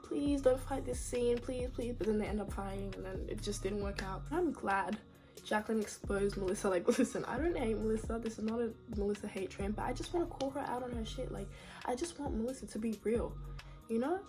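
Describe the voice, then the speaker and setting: A woman's voice: medium pitch, fast, music in the background. A woman giving casual, opinionated commentary on a reality show, talking straight to her viewers and often saying "like, girl".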